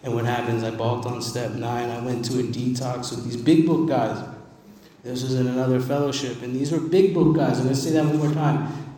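A man with a medium-pitched, mellow voice gives a personal testimony at a recovery meeting, emphatic yet conversational and repeating words for emphasis. The mic is distant in an echoing hall with faint ambience.

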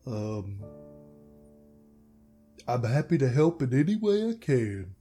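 A man's voice: medium pitch, big pitch swings, slow pace, warm tone, husky, soft background music, full character voice. A man doing a folksy, friendly animal villager.

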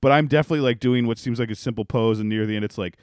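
A man co-hosting a casual podcast, mid-pitched and easygoing. He rambles, laughs, and acts out little quotes. The sound is dry and close, with no room at all. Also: racing, darkish tone, clean tone, dry recording. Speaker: podcast co-host. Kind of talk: casual chat.

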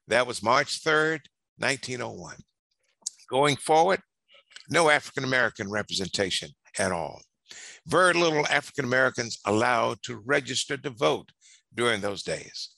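An older man delivers a history speech in an oratorical, preacher-like rhythm, climbing and slowing down to stress key lines. His voice is bright and forward. The sound is dry and close. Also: medium pitch, gravelly, no echo. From North Carolina. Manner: preacherly, swells and slows for emphasis. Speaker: congressman giving a speech.

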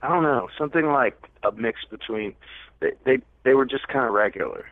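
A man's voice: medium pitch, a little fast, dry recording. A man telling a long story as a podcast guest, rambling and mocking himself. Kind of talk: casual storytelling. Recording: tinny, dry phone-like line.

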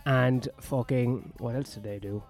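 A man's voice: mid-range voice, fairly even intonation, a little slow, darkish tone, no echo, soft background music. A man ranting in a sweary, sardonic, rambling monologue as a comedian vlogging on his own.

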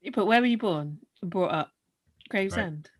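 A woman's voice: mid-range voice, animated, moderate pace, slightly rough. A woman co-hosting a podcast, chatting bluntly and teasing her co-host, swearing casually. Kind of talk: casual chat.

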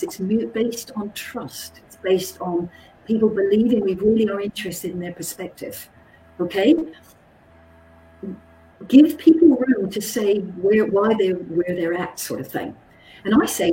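A woman psychologist giving a teaching talk, telling lively stories and often checking in with the audience. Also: fairly low pitch, reverberant, slight background noise, low-quality recording. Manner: lively, animated storyteller who checks in with "okay?". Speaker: psychologist and communications trainer.

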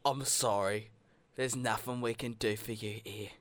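A man's voice: on the low side, fairly even intonation, a little slow, pitched below the performer's own voice, close to an everyday voice. A man voicing a pompous, condescending doorman at a fancy hospital, in a put-on British accent. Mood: snooty. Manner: snooty, condescending.

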